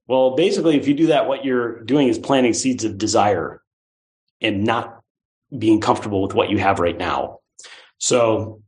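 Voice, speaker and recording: A man giving a Buddhist dharma talk in a conversational, animated way, with playful swoops of the voice. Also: fairly low pitch. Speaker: Buddhist teacher.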